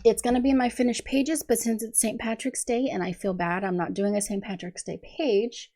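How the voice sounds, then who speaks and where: A woman hosting a casual coloring video, chatty with frequent ums, her voice hoarse from allergies. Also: on the high side, steady tone, brisk, warm tone. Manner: chatty, many ums, giggles often. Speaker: coloring channel host.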